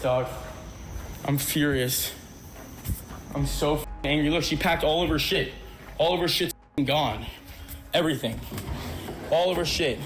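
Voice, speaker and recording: A man's voice: on the high side, background noise. A young man ranting on a livestream, swearing heavily and repeating himself, worked up and bitter. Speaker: streamer. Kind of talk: angry livestream rant. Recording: roomy clip with music underneath.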